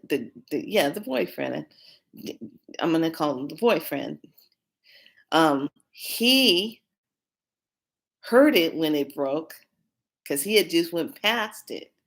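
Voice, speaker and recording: Low-voiced chatty woman card reader. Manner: chatty and animated, retelling conversations. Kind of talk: casual storytelling to camera.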